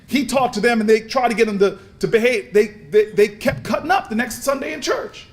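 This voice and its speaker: High-pitched man preaching with fire. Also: a little fast. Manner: storytelling, repeats words, builds to shouts. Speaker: speaker at a convention. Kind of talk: impassioned preacher-style speech. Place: large convention hall.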